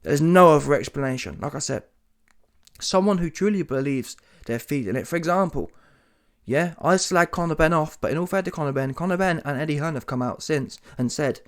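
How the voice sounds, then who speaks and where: A British man gives a one-man commentary rant, slangy, combative and mocking. His voice sits a little above the usual male pitch, and he rattles along with plenty of energy. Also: lively intonation, fairly quick. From Britain. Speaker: boxing commentator. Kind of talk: solo opinion rant.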